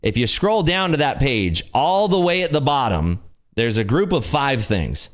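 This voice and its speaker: This host of a day-trading livestream talks at a measured pace in a medium-pitched voice that swings widely in pitch. He chats casually and cheerfully, joking as he comments live.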